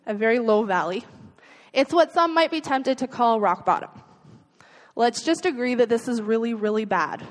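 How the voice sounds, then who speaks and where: A woman's voice: on the high side, big-room sound, rough recording. A woman preaching a sermon in an earnest, conversational way, asking rhetorical questions of her listeners.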